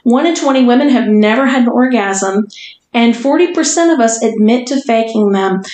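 A blunt, giggly woman chatting casually on a podcast, her voice sitting a little high. She laughs often between remarks. The recording is roomy and echoey. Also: expressive, normal speed, a little mellow. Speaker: podcast co-host.

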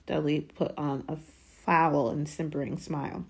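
A woman's voice: deep voice, fairly even intonation, unhurried, creaky, darkish tone, husky. Woman reading a children's novel aloud. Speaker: audiobook reader. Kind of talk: audiobook reading.

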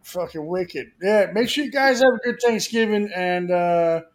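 A man's voice: high voice, moderate pace, a crowd in the background. A man from Philadelphia co-hosting a podcast, signing off in crude, joking casual chat full of swearing. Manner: swearing, joking, loose sign-off. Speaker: podcast co-host.

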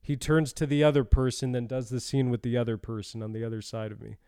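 A young man co-hosting a podcast, with a smooth, clean voice recorded close and dry. He chats casually, rambling through jokey stories. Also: mid-range voice, flat delivery, fast, warm tone, no room sound. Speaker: podcast co-host. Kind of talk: casual chat.

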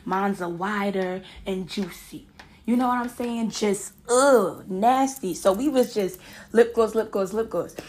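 A woman in her late twenties, a podcast host, telling a story in a casual, profane, animated way and laughing often. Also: medium pitch, measured pace.

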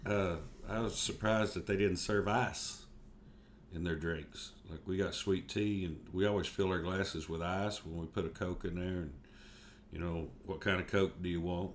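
A man's voice: low voice, fairly even intonation, normal speed, slight background noise. A man, telling a story in laid-back, casual chat.

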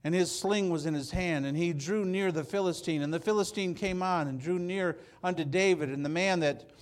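A man preaching with lively storytelling energy, throwing himself into the scenes he describes. His voice sits a touch higher than most men's, and it swings between loud bursts and near-whispered asides. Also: normal speed. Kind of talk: sermon.

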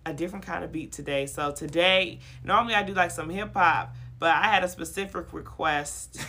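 A young woman hosting a casual podcast, talking in a lively, slangy way and laughing often. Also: fairly low pitch, brisk. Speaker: podcast host. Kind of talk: casual podcast chat with freestyle rapping.

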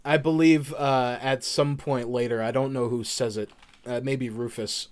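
A man's voice: medium pitch, steady tone, clean tone. A man co-hosting a podcast, chatting casually and rambling through a game's story with lots of fillers. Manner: rambling, many fillers, quotes characters in quick voices. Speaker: podcast co-host. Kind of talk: casual chat recapping a game.

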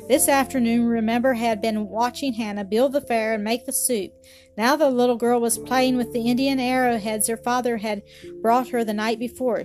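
A woman reading a storybook aloud in a calm, even way. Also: a little high. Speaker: narrator. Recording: faint music behind.

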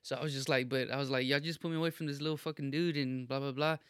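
A man's voice: medium pitch, quick pace, smooth, no echo, clean studio sound. A young man telling a wild story in casual podcast chat, swearing a lot and stacking fillers. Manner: profane, animated storytelling with lots of fillers.

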